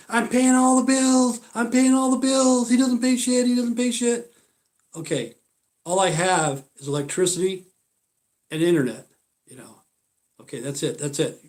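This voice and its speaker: Brief: a man hosting a casual livestream, rambling and profane, middle pitch. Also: darkish tone. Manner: rambling, profane, talks to viewers. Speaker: livestream host.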